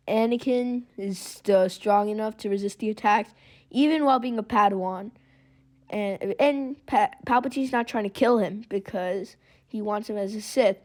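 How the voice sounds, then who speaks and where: A woman's voice: medium pitch, a little mellow. A woman casually retelling a made-up story, rambling, with restarts and self-corrections.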